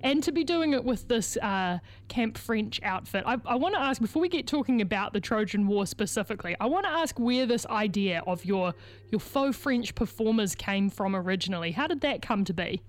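A woman hosting a radio interview, conversational and quick to laugh. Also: mid-range voice, lively intonation. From New Zealand. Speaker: radio host.

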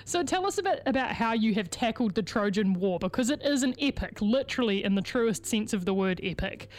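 A woman hosting a radio interview, conversational and quick to laugh. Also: on the high side, lively intonation, a little mellow. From New Zealand. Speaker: radio host.

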